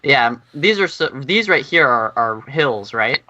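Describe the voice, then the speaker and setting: A man's voice: mid-range voice, expressive, unhurried, bright, forceful tone, lo-fi sound. A man playing a tabletop game, talking casually and asking questions about his moves. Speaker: player.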